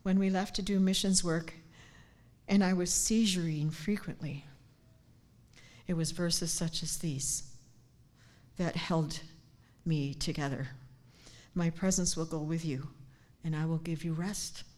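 An older woman giving a heartfelt personal devotion, earnest and sincere, sometimes dropping to a hushed near-whisper. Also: on the low side, fairly even intonation, measured pace, long pauses. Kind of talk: personal devotional talk with scripture. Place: church gathering, speaking standing up.

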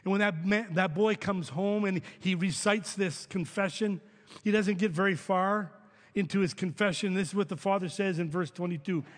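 A man's voice: sits high, fairly even intonation, moderate pace. A man preaching a sermon in a church, earnest and often repeating words as he goes. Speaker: pastor. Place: church sanctuary. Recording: reverberant hall sound.

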